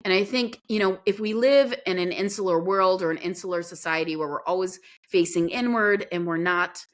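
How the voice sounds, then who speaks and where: A woman guest in an interview, telling a story in an earnest, animated way. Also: on the low side, a little fast. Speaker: podcast guest.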